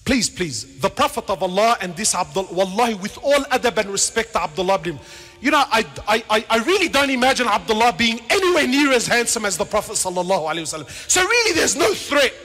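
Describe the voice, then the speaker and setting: Man, very high voice, bright and forceful, passionate preacher, shouts then drops low, long hall echo. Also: big pitch swings, fast. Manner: swings between shouted appeals and low asides; acts out dialogue in storytelling. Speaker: Islamic preacher. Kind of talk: passionate religious lecture. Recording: reverberant hall.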